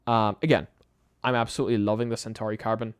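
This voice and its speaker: A man's voice: lowish voice, little pitch movement, fast, clean tone, dry recording, clean studio sound. A tired man hosting a late-night live stream, chatting to his viewers in a rambling way with frequent laughs and restarts. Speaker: YouTube channel host. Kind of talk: casual live-stream chat.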